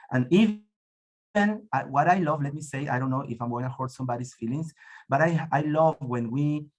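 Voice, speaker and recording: Male meeting organizer, Spanish first language, enthusiastic and friendly, average pitch, video call. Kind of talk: online meeting discussion.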